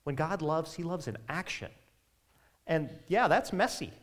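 A male pastor preaching in a relaxed, chatty way, his voice sitting a little high for a man. His pitch rises and falls freely, and he speaks in quick asides to the congregation. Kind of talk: sermon.

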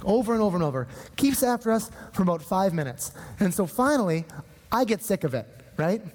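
A man's voice: high-pitched, brisk, big-room sound. A man from northern Minnesota preaching a sermon, telling a personal story with acted-out dialogue. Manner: animated storytelling, acting out dialogue. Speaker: pastor.

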